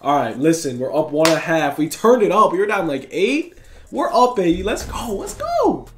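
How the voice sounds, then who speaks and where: A young man giving excited, trash-talking commentary over his own basketball video game play. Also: on the high side, fairly quick. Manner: hyped, trash-talking, reacts loudly to every play. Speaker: gaming YouTuber.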